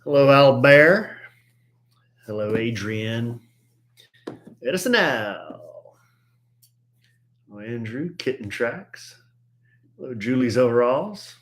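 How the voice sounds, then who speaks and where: A playful man co-hosting a live-streamed podcast, greeting viewers one by one with a lively, swooping voice. He keeps the chat loose and jokey. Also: medium pitch, slow pace, long pauses. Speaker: podcast co-host.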